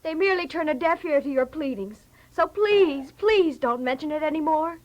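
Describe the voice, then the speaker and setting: Lot's anxious pleading wife. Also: female voice, sits high, expressive, normal speed, dull audio. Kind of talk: dramatized audio Bible story.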